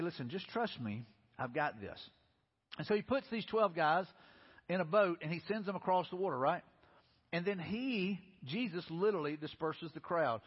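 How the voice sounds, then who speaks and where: A man's voice: sits high, slightly rough. A man preaching a casual, conversational sermon, acting out the voices of the people in his story. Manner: conversational, acts out quoted voices. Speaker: pastor. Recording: muffled sound in a reverberant hall.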